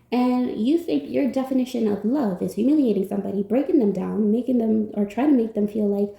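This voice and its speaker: A woman doing a pick-a-pile tarot reading, her voice high and gravelly, with a mellow, dark tone. She talks bluntly and casually and swears now and then. The sound echoes around the room. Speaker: tarot card reader.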